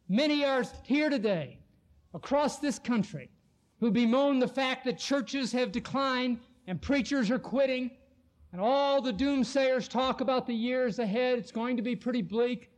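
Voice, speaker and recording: A man preaching in a strikingly high voice, full of oratorical fire. He builds his sermon with passion and slows right down on the lines he wants to land, pressing each point home. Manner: impassioned oratorical delivery.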